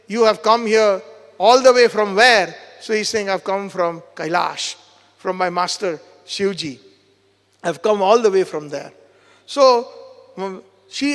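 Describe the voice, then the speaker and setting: A man's voice: high-pitched, a bit bright, in a large hall. A man tells a devotional story at a seminar. He quotes the characters in his own voice. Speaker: preacher giving a seminar. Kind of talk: storytelling sermon.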